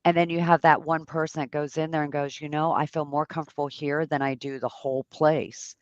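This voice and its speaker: A host in a casual interview chat, relaxed and chatty, with lots of "you know". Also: medium pitch, brisk, no echo. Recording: dull, dry sound.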